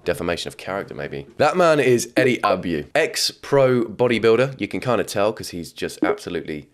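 A man's voice: lowish voice, sing-song, brisk, faint music behind. A young man hosting a reaction video, rambling and joking, swearing and laughing often. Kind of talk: comedic reaction commentary.

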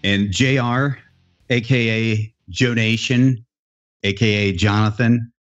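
A man's voice: medium pitch, steady tone, takes it slowly, soft background music. A man hosting a podcast interview, chatty and joking, telling loose stories with restarts. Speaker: podcast host. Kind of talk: casual interview chat. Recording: dull lo-fi podcast sound.

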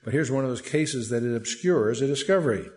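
Brisk and animated, a man with a mid-range, slightly mellow voice gives a Bible study lecture. He drifts into asides in a conversational way and lifts his voice whenever he reads scripture aloud.

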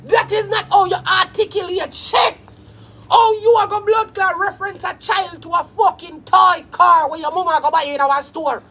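Shouting high-voiced Jamaican woman. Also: steady tone, normal speed. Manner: shouting, scolding, heavy swearing. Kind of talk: profane comedic rant.

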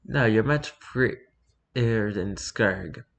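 A man voicing a lovestruck young male cat in a flat, mock-earnest way while reading a fan story. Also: fairly low pitch, very slow, gravelly, heavily acted. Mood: deadpan.

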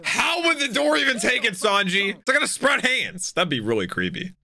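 A young adult hosting an anime reaction video, talking loudly, exclaiming and swearing often. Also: mid-range voice, big pitch swings, fairly quick. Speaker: anime reaction channel host. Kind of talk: excited reaction commentary.

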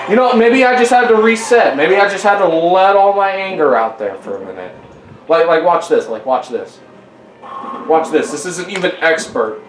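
A young man giving casual gameplay commentary at home, exasperated and yelling at the game. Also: high voice, very animated, measured pace, roomy sound, faint music behind, low-quality recording. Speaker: gaming YouTuber. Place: home living room.

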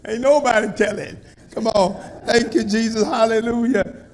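A man preaching a colloquial sermon in a church style, with call-and-response and shouted peaks. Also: very high-pitched, fairly even intonation, moderate pace. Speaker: pastor.

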